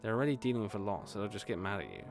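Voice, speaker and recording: A man voicing a calm older brother in his own low voice, flat and reassuring. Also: racing, gravelly, over music.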